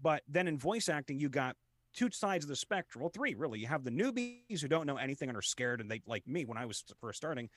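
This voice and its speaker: A man in his thirties, a voice actor guest in a casual podcast chat, animated and quick to jump into loud silly voices. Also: a little high. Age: 30s.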